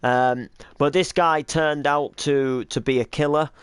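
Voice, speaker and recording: A man's voice: on the high side, fairly even intonation, a little slow, clear, resonant tone, no room sound, clean studio sound. A man who runs a game roleplay series, chatting casually and rambling with many hesitations and restarts. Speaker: roleplay series creator and cameraman. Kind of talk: casual chat.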